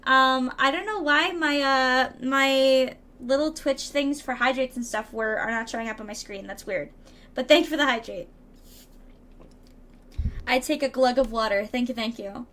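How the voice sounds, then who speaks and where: A woman with a high voice talking through a live tarot reading. She reads each card's meaning aloud, then drifts into chatty asides to her viewers, stumbling over words and laughing it off. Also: normal speed, a bit bright. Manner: chatty, playful, reads card texts aloud and riffs with chat. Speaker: streamer doing tarot readings.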